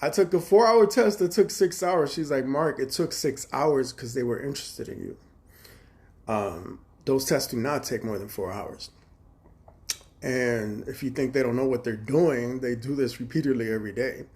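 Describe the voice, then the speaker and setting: A man talking into his phone on a livestream, from Chicago and at a middle pitch. He rambles through a long story, swearing freely and jumping between what he said and what the other person said, his voice rising loud and high whenever he quotes himself. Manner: profane, fast-shifting, quotes others in dialogue. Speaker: livestream host.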